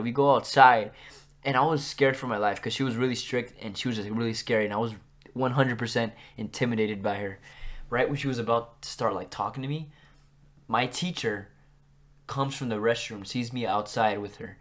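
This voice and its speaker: A young man hosting a podcast, telling school stories in a casual, animated way and acting out what people said. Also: mid-range voice, a little fast. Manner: animated, acts out quotes with big jumps in loudness. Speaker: podcast host. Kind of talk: casual storytelling.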